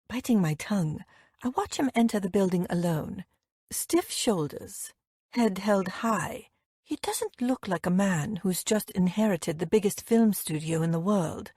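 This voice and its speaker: A woman reading a first-person romance audiobook with lively, wry storytelling. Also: medium pitch, a little slow, husky, no echo, studio quality. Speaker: audiobook narrator.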